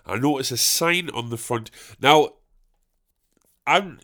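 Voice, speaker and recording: A man's voice: mid-range voice, takes it slowly, a bit bright. A young man, telling a sweary, self-mocking comic story as a podcast host. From northeast England. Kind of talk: comedic storytelling monologue.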